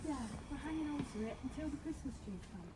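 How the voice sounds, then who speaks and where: A woman running a garden and hardware shop, chatting in a friendly, laughing, quick way with a customer. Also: sits high, warm tone, slight background noise. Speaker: shop owner. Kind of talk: casual chat with a customer.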